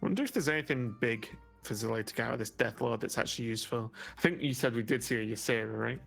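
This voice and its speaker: A man's voice: mid-range voice, fast talker, gravelly, fairly bright tone. Male co-commentator, middle voice, light and jokey, faint background music. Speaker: esports caster. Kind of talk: live game commentary.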